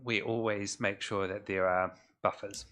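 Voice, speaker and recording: Lower-voiced man explaining a schedule. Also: little pitch movement, bright, forceful tone. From New Zealand. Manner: measured, many fillers, dry humour. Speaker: council officer presenting items. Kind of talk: formal meeting presentation. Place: council chamber.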